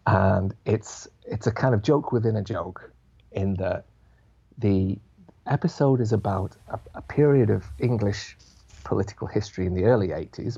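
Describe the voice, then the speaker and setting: Gravelly, husky-voiced man guest. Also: on the low side, dark tone, dull audio. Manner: thoughtful, explanatory, full of restarts and hedges. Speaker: podcast guest. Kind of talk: casual chat.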